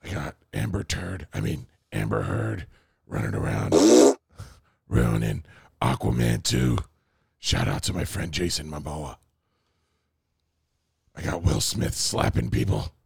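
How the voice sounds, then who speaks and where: A man co-hosting a podcast in casual, joking chat, animated and quick to slip into silly voices. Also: rumbling low, gravelly, breathy edge, dry recording, studio quality. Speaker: podcast co-host.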